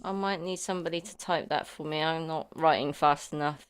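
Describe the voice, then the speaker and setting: A woman's voice: sits low, steady tone, fairly quick, smooth. A woman hosting a music jam, chatty and asking lots of questions. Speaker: jam session host. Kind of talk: casual chat at an online music jam.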